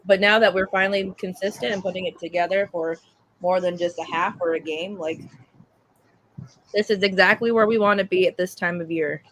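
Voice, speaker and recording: A woman's voice: on the low side, fairly even intonation, a little fast, fairly bright tone. A woman co-hosting a sports podcast in casual chat, frank and joking with crude language, talking while eating. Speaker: podcast co-host. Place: restaurant, eating.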